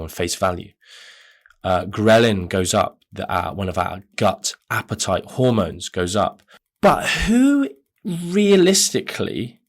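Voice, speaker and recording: A man hosting a podcast, talking in a rambling, self-correcting casual monologue. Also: fairly low pitch. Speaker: podcast host.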